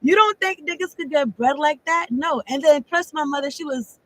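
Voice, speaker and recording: A woman's voice: high voice, normal speed, a bit bright, no echo, poor audio. A woman giving a casual tarot reading, rambling and profane, laughing often as she talks. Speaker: tarot card reader.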